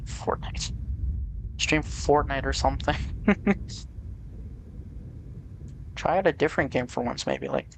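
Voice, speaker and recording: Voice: medium pitch, a little slow, gravelly, pauses often, a little hiss or hum. A streamer chatting casually while playing, tired and sleepy, rambling and trailing off with hesitant fillers. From Canada. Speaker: game streamer. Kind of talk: casual live-stream chat.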